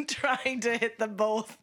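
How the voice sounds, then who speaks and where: A woman's voice: on the high side, animated, extremely slow, fairly bright tone. A woman playing a tabletop game, describing her actions between giggles. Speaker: player. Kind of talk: casual tabletop banter.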